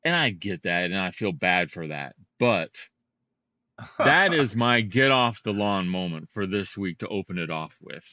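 A man co-hosting a podcast, telling a story in a casual, animated and heated way. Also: deep voice, measured pace, no echo, dull audio. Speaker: podcast co-host.

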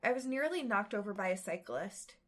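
A woman's voice: mid-range voice, animated, fairly quick, a bit bright. A woman co-hosting a casual podcast, reading a novel aloud and breaking off into joking asides.

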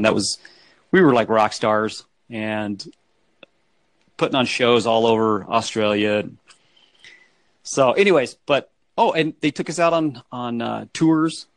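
A man with a gravelly, creaky voice chats loosely, restarting sentences and laughing as he tells his stories. The sound is dry and close. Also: mid-range voice, no echo. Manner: rambling, laughs often, restarts. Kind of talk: casual storytelling chat.

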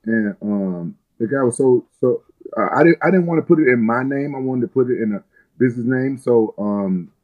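A man's voice: medium pitch, expressive, normal speed, narrow, tinny audio. A man from the United States, a guest in an interview, telling rambling, profane stories with many restarts. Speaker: guest fighter. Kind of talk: casual interview storytelling.

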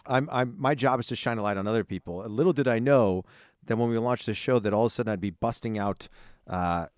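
Male podcast co-host, mid-pitched, chatty and rambling, close dry mic. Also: fast talker, no echo. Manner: chatty, rambling with fillers and restarts. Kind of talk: casual chat.

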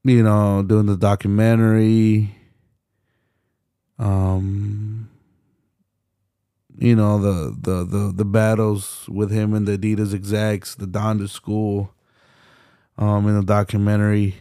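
A young man talks slowly and low on his solo podcast, his voice rough with fry. He rambles with passion through fillers and restarts and swears freely. The sound is close and dry. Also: flat delivery, mellow, dry recording. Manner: swears often. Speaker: podcast host.

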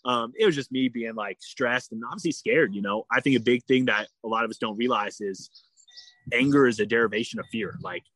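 In a laid-back interview, a man who is an endurance athlete guest tells a long, rambling personal story marked by restarts and constant "like" and "you know" fillers. His voice is medium-pitched, a bit bright and fairly quick, with no echo.

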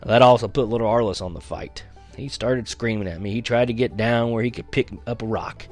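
A man reading a first-person frontier story aloud, lively and dramatic, slowing down at tense moments. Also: medium pitch, faint music behind. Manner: lively, dramatic, slows for action beats. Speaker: audiobook reader.

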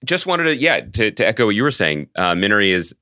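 Podcast co-host, man, teasing banter, low but animated, bright tone. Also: quick pace, no room sound, clean studio sound. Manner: teasing, wry, lively banter. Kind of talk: casual chat.

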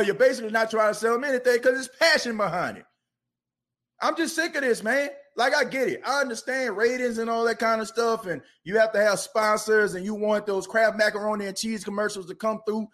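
A fired-up man rants on a sports podcast. His voice sits high for a man, and he keeps circling back and repeating himself as his passion builds. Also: a bit bright. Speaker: podcast host.

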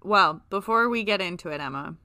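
A mid-pitched woman with a bright, forward voice co-hosts a casual podcast over a video call. She plays grumpy and wry, answering her friend's teasing in a dry way. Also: lively intonation, a little fast. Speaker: podcast co-host. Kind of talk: casual chat. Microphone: podcast mic over video call.

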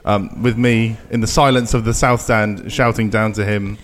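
A man's voice: on the low side, fairly even intonation, moderate pace. A man appearing as a guest fan on a pub podcast, talking enthusiastically. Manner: upbeat, enthusiastic. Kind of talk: casual pub chat.

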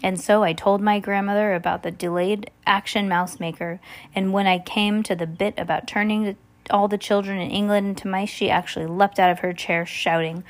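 A woman's voice: medium pitch, fairly even intonation, brisk. A woman reading a children's book aloud casually, often restarting and correcting herself. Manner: reads with frequent restarts and corrections. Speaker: reader.

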